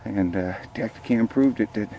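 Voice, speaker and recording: A man's voice: fairly low pitch, normal speed, dull audio, a little hiss or hum. An older man, hosting a hunting show outdoors by a field and rambling folksily about the hunt and his sponsors. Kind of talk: casual outdoor commentary.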